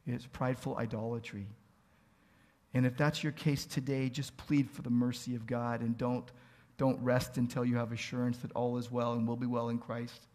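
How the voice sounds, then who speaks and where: A man's voice: mid-range voice, flat delivery, normal speed, darkish tone. A man preaching a sermon as pastor, earnest, asking pleading rhetorical questions and building to emphatic peaks.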